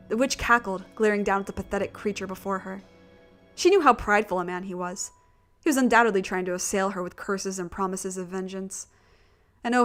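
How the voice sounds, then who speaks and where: A woman narrating a gothic visual novel in a steady, measured reading voice. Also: medium pitch. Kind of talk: story narration.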